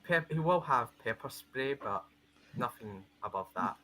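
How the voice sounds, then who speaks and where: A man guiding players through a tabletop game, his voice bright and forward at a medium pitch. He talks in halting bursts full of fillers. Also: animated, low-quality recording. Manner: hesitant, many fillers. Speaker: game master. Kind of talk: running a tabletop game over a call.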